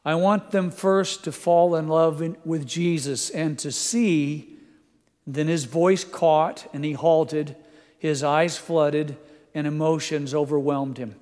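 A man preaching a sermon, reading quotes aloud in an earnest voice and moving into a quiet prayer. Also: on the high side, steady tone, unhurried, big-room sound.

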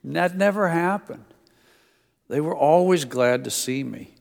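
A man's voice: a little high, animated, unhurried, creaky. A middle-aged male pastor giving a sermon, with folksy stories in a conversational preaching manner. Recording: long reverb of a church hall.

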